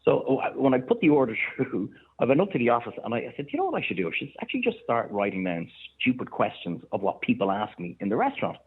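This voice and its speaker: Fast-talking Irish man on a phone line. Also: mid-range voice, husky. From Ireland. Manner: animated anecdote-teller, acts out quoted voices. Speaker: chef and restaurant owner, guest. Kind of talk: casual radio storytelling. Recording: thin phone-line sound.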